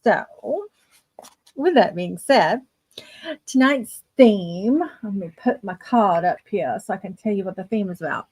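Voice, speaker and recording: A woman's voice: mid-range voice, expressive, measured pace, a little mellow, husky. A woman hosting a writing livestream, chatting casually and greeting viewers fondly by name. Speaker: livestream host of writing sprints.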